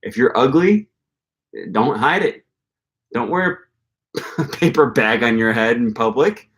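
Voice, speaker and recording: A man's voice: mid-range voice, lively intonation, slow, fairly bright tone. A young man hosting a casual livestream about language learning, talking in an upbeat, encouraging way and rambling with many fillers. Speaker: language-learning channel host.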